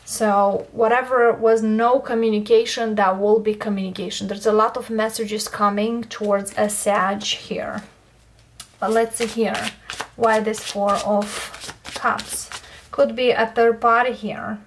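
A woman's voice: medium pitch, level tone. A woman giving a tarot card reading, who often checks in with her listeners and keeps saying what she feels. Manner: unhurried, checks in with "okay?" and repeats "I feel here". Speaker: tarot reader.

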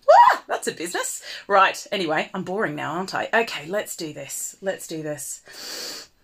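A woman's voice: low-pitched, a bit bright. An Australian woman, an operatic mezzo soprano, chatting playfully and self-mockingly between songs on a home livestream. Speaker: cabaret singer and livestream host.

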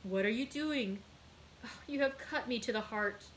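A woman reading aloud, voicing an earnest, devoted young male sailor with lively emphasis. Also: fairly high pitch, moderate pace, slight background noise, natural voice, rough recording. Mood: distressed.

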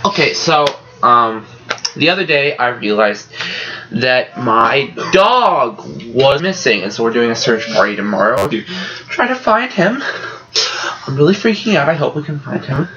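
A young woman presenting a playful comedy sketch in an animated, jokey way. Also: very deep voice, a little slow, highs cut off, crowd noise.

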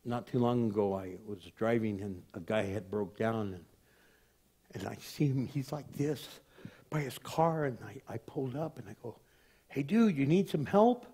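A man's voice: lowish voice, normal speed, a little mellow, breathy edge. An older man, a pastor giving a sermon in a conversational, storytelling way.

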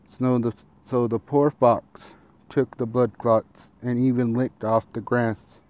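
A man reads a fable aloud at a very slow, deliberate pace. His voice sits in an ordinary mid range, and he keeps a steady storytelling rhythm with an occasional small restart. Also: medium pitch.

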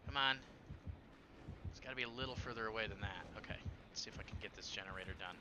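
A man streaming a horror game, chatting casually and rambling with many fillers and sudden excited bursts. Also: on the low side, fast talker, background noise. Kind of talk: casual gameplay chat.

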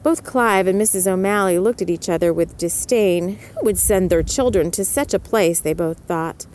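A woman narrating a story in a soft whispered role-play, lifting her voice for the characters. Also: lowish voice, moderate pace, slight background noise.

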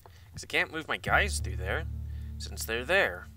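A man's voice: medium pitch, big pitch swings, a little slow, pushed and bright. A man giving rambling, casual let's-play commentary, muttering asides to himself and swearing now and then. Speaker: gaming channel host. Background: game music.

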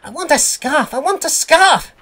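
A man's voice: very high voice, animated, normal speed, pushed and bright, voice pushed up, full character voice. A man doing a whiny little engine. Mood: cheeky whining. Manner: whiny, sing-song. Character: small cheeky young male tank engine.

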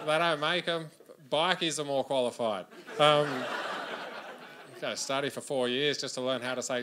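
A man's voice: mid-range voice, noisy background. An Australian man performing a crude, self-deprecating stand-up comedy set on a club stage, laughing along with his own jokes.

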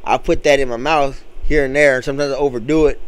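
Man, casual vlog storytelling, slangy, mid pitch. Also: fairly even intonation, fast, clean tone. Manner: slangy street talk, acts out the other people's lines. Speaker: channel host.

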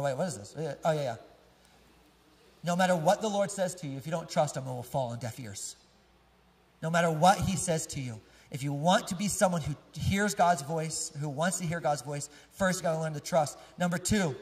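A man in his thirties preaching a sermon as pastor, conversational and lively, polling the congregation and joking as he corrects himself mid-sentence. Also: high-pitched. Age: 30s. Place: church sanctuary. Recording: long church hall reverb.

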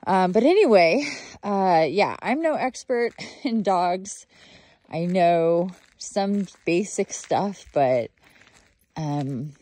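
A husky, breathy woman with a lower voice chats casually on an outdoor dog walk, recorded on a handheld phone. Her talk rambles with fillers and restarts, and her pitch swings widely when she coos at her dog. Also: animated, slow pace, mellow, no room sound. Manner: chatty, rambling, with self-corrections and fillers; switches to high sing-song baby talk with her dog. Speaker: vlogger, dog owner. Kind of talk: casual video diary chat. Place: outdoors on a rural property, walking her dog.

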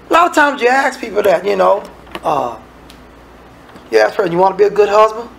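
A man's voice: high-pitched, big pitch swings, normal speed, gravelly, a bit bright, a little hiss or hum, rough recording. A man preaching a sermon in a folksy, conversational way, acting out the people in the scripture and making asides to the congregation.

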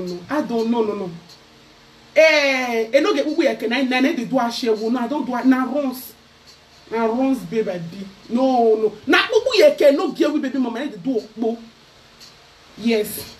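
A Nigerian woman vlogger ranting loudly to camera in a mocking, scolding way. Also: on the high side, lively intonation, moderate pace. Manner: loud, mocking, switching into Pidgin. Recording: voice a bit far from the mic.

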